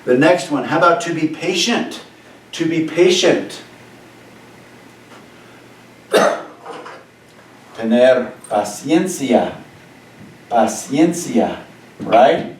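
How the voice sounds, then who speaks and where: A male Spanish teacher giving a lesson, animated and joking, who keeps repeating key phrases and checking with "right?". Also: a little high, takes it slowly, pauses often, echoey room, recorded from a distance, a little hiss or hum, low-quality recording. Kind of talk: classroom lesson over a video call. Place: classroom or room with a board.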